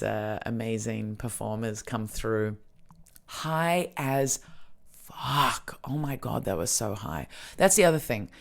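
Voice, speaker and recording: Rambling, swearing woman comedian. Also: very deep voice. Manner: rambling and profane, many fillers and restarts. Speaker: comedian and podcast host. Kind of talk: casual storytelling chat.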